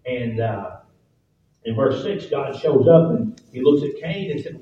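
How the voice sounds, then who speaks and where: A man's voice: medium pitch, unhurried. A man preaching a sermon with emphatic, repeated points that build up. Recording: echoey, distant, dull sound.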